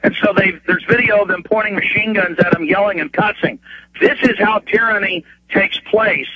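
A male radio host calls in and rants, his voice high and husky. He tumbles over his words, repeating himself and flaring into outrage. The phone line leaves the sound dull and thin. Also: dry recording. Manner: fast, repetitive, stammering restarts, rising to bursts of outrage. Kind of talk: heated talk radio rant.

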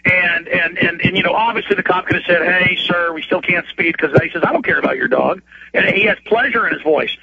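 A man hosting talk radio over a phone line, ranting in a fast, repetitive way with stammering restarts and bursts of outrage. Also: high voice, heavy background noise. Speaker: radio host. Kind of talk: heated talk radio rant.

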